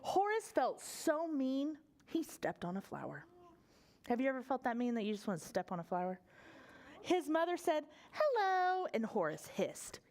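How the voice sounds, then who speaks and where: A young woman, a children's librarian, reading a picture book aloud to preschoolers in an animated sing-song voice and asking them questions. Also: fairly high pitch, fairly quick.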